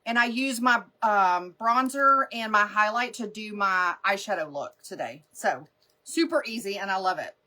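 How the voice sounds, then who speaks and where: Chatting loosely on a live makeup stream, a woman spins rambling stories with plenty of laughter. She uses a pushed, bright, mid-range voice at a normal speed.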